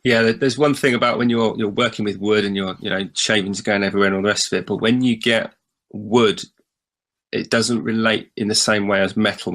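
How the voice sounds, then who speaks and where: A man hosting a casual podcast in a relaxed, chatty way. He keeps the conversation moving between guests, passing the turn along. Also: fairly low pitch. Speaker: podcast host.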